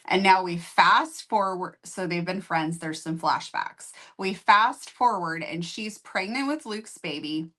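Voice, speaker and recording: A woman's voice: lowish voice, measured pace, hardly any pauses, fairly bright tone. A woman co-hosting a book review show, telling the story of a book in a conversational way and thinking aloud. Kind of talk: casual chat.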